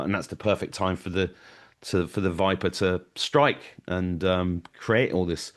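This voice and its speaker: An English man who is a guest on a casual video chat, rambling and searching for his words. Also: deep voice. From England.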